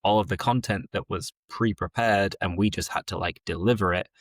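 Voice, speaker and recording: A man with a Yorkshire accent hosts a relaxed conversation, asking friendly follow-up questions. His voice is on the low side. The recording is dry and close. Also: a little fast, no room sound. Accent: Yorkshire English. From northern England, Yorkshire. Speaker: host, English teacher. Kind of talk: casual interview.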